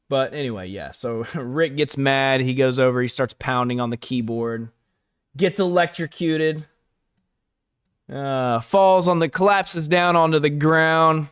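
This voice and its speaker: A man's voice: medium pitch, a little slow, clean tone, dry recording, clean studio sound. A man giving a casual, rambling live-stream recap, full of fillers and chuckling asides.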